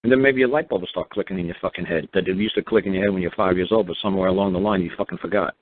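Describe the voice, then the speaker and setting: Low-pitched and racing, a call-in radio host from New York fires repeated rhetorical questions in a blunt, profane style. There's no room sound, just a dry, tinny phone-line quality.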